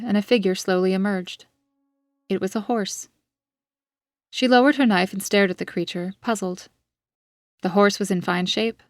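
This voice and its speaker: A woman author reading her own gothic story in an even, measured narration. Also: medium pitch, dry recording, clean studio sound. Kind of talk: scripted audiobook narration.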